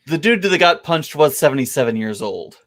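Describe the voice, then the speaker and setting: A man's voice: fairly high pitch, very animated, fairly quick, very noisy. A man co-hosting a casual podcast, reading news stories aloud to his friends. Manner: reads stories aloud, laughs along. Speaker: podcast co-host.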